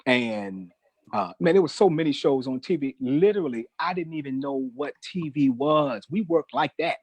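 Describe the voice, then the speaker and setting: A man's voice: medium pitch, expressive, moderate pace, breathy edge, dry recording, low-quality recording. A middle-aged man telling a personal testimony in an emphatic, preacher-like way, often calling the host brother. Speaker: guest, newspaper manager.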